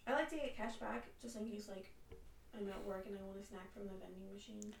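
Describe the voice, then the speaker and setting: A woman's voice: mid-range voice, fairly quick, gravelly. A woman co-hosting a podcast, chatty and giggly in casual talk. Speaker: podcast co-host. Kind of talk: casual chat. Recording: echoey room with loud crowd noise.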